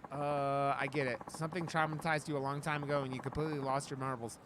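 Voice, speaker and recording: A man voicing a weary, sarcastic male game hero who mocks and sighs in a lowered voice. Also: flat delivery, fast, noisy background, natural voice. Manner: dry, mocking, exasperated.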